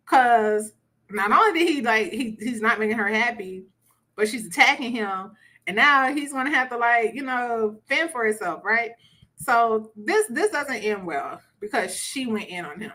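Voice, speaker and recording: A woman's voice: on the high side, sharp tone. A woman teaching a conversational relationship workshop, chatty and repeating words for emphasis. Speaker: relationship coach.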